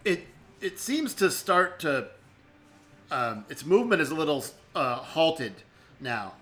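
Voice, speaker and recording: A man's voice: on the high side, sing-song, takes it slowly, pushed and bright. A man running a tabletop game as dungeon master, describing the action with frequent restarts. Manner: hesitant, restarts often.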